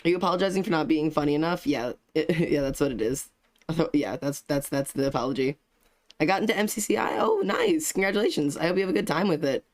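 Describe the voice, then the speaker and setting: Young man, casual stream chat, a bit high-pitched, joking and self-deprecating, swears casually. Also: big pitch swings, fast talker. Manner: chatty, joking, greets chat by name.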